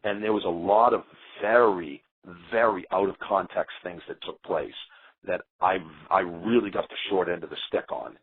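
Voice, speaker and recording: Animated, defensive male interview guest, slightly low voice, phone line. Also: normal speed, slightly rough. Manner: animated, defensive storyteller acting out quotes. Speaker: interview guest, eliminated contestant.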